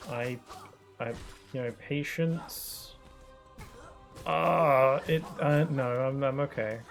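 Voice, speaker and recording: A man's voice: mid-range voice, slow, gravelly, pauses often. A man giving live commentary while streaming a game, joking and griping in a mock-dramatic, self-mocking way. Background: game music.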